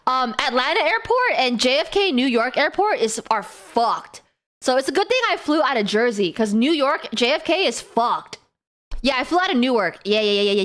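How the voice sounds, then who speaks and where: A high-pitched female streamer chats casually on a live stream, giggly and animated, laughing often.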